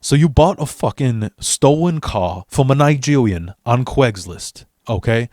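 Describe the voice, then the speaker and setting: A man's voice: medium pitch, lively intonation, unhurried, warm tone, no room sound, natural voice. A man acts out a blunt, foul-mouthed best friend scolding his pal. The voice sits in an ordinary middle range. It is recorded very dry and close. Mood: mocking. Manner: swearing, scolding.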